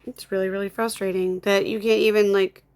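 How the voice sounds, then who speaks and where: Upset and agitated, a young content creator swears and mutters while blocking people during an angry screen-recording rant. Her medium-pitched voice moves little in pitch, is brisk and a little mellow. Construction noise sounds outside her home, where her dogs are.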